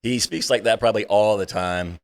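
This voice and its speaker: A man with a lowish voice talks in an easygoing, agreeable way during a casual studio podcast. He explains his view calmly and goes along with his co-host. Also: a little fast. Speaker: podcast guest. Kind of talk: casual chat.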